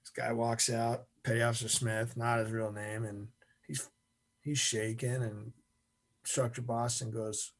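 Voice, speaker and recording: Husky middle-aged man telling a story. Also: medium pitch, unhurried. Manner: animated storyteller, acts out scenes. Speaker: guest.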